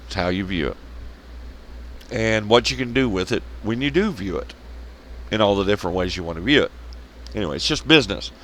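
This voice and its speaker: A man's voice: lowish voice, lively intonation, fast talker, fairly bright tone, slight background noise. A man giving blunt, sarcastic, profane commentary on a rant vlog, laughing at his own jokes. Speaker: wrestling commentary vlogger.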